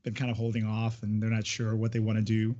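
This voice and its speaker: Laid back dude chatting, lots of ums, muffled lo-fi mic. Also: male voice, lowish voice, monotone, quick pace, mellow. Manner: easygoing, filler-heavy. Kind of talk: casual chat. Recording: dull lo-fi mic.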